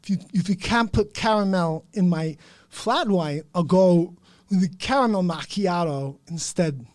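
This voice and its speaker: A fussy, eccentric older man, as a man puts him on orders coffee with strange pauses and slow, halting phrasing. The voice is pitched a bit higher than usual and sounds close and dry. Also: no room sound. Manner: halting, oddly paced delivery.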